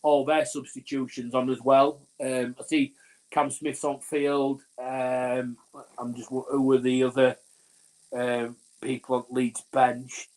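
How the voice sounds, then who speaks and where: A man's voice: mid-range voice, flat delivery, slow pace, a little mellow. A man from Northern England co-hosting a live fan watch-along of a rugby league match, rambling commentary with fillers and restarts. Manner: rambling, talks over his co-host, frequent fillers and restarts.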